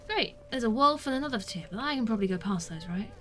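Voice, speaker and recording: A young British woman streams a game with quick, expressive, high-leaning speech and a fairly bright tone. She chats away, pokes fun at herself, and squeals whenever something attacks her.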